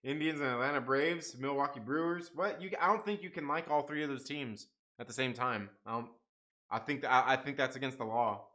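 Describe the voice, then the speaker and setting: Bright-voiced man rambling on a live stream. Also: mid-range voice, fairly quick. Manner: rambling, swears a lot, laughs often, reads chat aloud. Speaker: host of a live comics stream. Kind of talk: casual live-stream chat.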